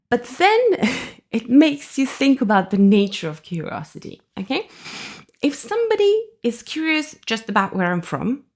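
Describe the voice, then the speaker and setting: A woman from Russia speaking English with a Russian accent, hosting a reflective solo podcast in a thoughtful way, often laughing as she explains. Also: on the high side. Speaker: podcast host.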